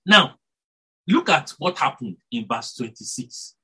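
A man's voice: mid-range voice, a little slow, slightly rough, low-quality recording. A man preaching a sermon, rising and dropping his voice for emphasis and correcting himself as he goes. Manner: animated, rises and drops for emphasis, self-corrects, chuckles.

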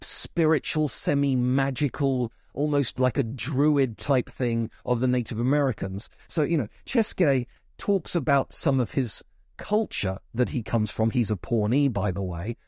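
A man's voice: medium pitch, measured pace, darkish tone, no echo. Man, from England, film reviewer, casual chat, asides and restarts, dry close mic. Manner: chatty, restarts often, explains with asides.

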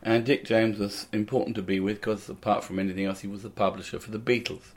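A man's voice: on the low side, steady tone, fast. An older man from England, a comedian and musician, telling rambling anecdotes in a casual interview.

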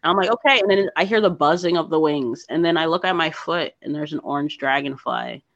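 Woman guest from New Jersey, animated storyteller, dull dry lo-fi audio. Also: low-pitched, a little fast, creaky, no echo. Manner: animated, emotional storyteller with lots of "like" and "you know". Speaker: podcast guest, thru-hiker. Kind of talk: storytelling in a casual interview.

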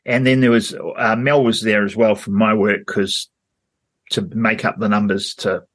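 A man's voice: fairly low pitch, level tone, normal speed, a bit bright. A man co-hosting a podcast, telling a rambling story in casual chat with lots of fillers and frequent laughter. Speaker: podcast co-host.

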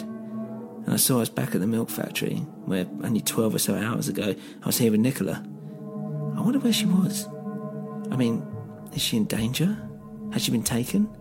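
A man's voice: on the low side, creaky. A man telling a suspenseful first-person story in a tense, confiding way. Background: music.

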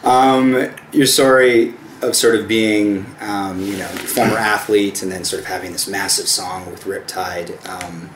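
Male interviewer, lowish voice, relaxed prompting questions, roomy echo, faint background ambience. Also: a little slow, hardly any pauses, a little hiss or hum. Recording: echoey room with faint ambience.

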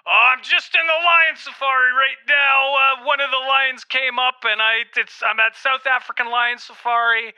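A man plays a manic, crude phone-in goof who rambles gross nonsense at a high, very bright, piercing pitch. The talk tumbles out without pause. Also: steady tone, smooth, dull audio, full character voice. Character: crude loud-mouthed man named Jack. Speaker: comedy podcast bit character.

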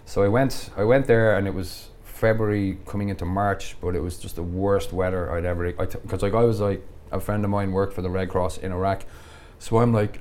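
Guy, really low voice, animated storyteller, laughs a lot, faint room noise. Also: brisk, few pauses. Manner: animated, laughs often while telling stories. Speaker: podcast guest. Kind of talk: casual storytelling.

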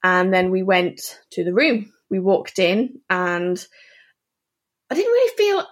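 A woman, an interview guest, telling a personal story in an earnest, halting way full of asides. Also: medium pitch, big pitch swings.

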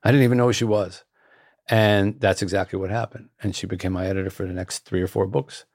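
An author and guest telling a story in an earnest way, with repeated phrases and restarts. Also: male voice, low voice, fairly even intonation, fast talker, a little mellow, no room sound, studio quality. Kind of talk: anecdotal storytelling.

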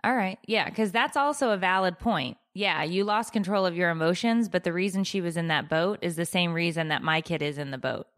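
A woman in her thirties, a podcast co-host, telling stories in casual chat, animated and playful. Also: on the low side, brisk, hardly any pauses.

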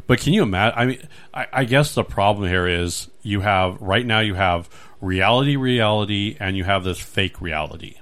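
A man hosting a podcast, chatting casually in a rambling, animated way with many restarts. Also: on the low side, normal speed. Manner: rambling, animated, acts out little scenes. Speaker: podcast host. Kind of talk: casual chat.

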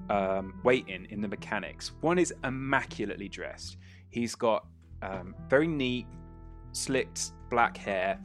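A man as game master, narrating a tabletop role-playing game in a descriptive, halting way. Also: on the low side. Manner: descriptive, halting with fillers and restarts.

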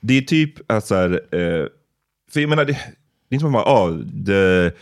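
A man whose first language is Swedish, hosting a podcast in relaxed, casual chat, thinking aloud with many fillers. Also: lowish voice, moderate pace. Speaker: podcast host.

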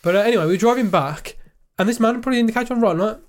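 A man's voice: high voice, very fast. A man co-hosting a podcast, teasing his co-host and swearing freely in casual chat.

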